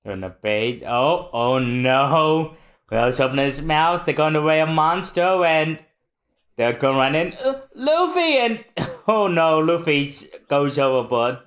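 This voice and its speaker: Podcast co-host, slow delivery, wide-swinging pitch, laughs a lot, casual comic readthrough. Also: lively intonation, a bit bright. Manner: slow, laughing reactions with voiced character lines. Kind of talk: casual chat, manga readthrough.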